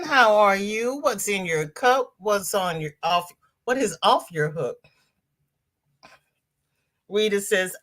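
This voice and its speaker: A middle-aged woman hosts a relaxed crafting livestream, reading viewers' comments and answering each one warmly. She talks unhurriedly, with long drawn-out phrases, calls people "girl" and "honey", and her voice leaps upward whenever something delights her. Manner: laughs often, voice swings high when excited. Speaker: livestream host of a crochet show.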